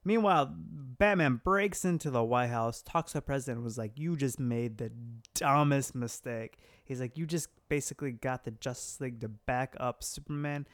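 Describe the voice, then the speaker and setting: A man in casual chat, retelling a story in an animated way and quoting the characters with laughs. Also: medium pitch, brisk, hardly any pauses, no room sound. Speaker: podcast co-host recapping a story.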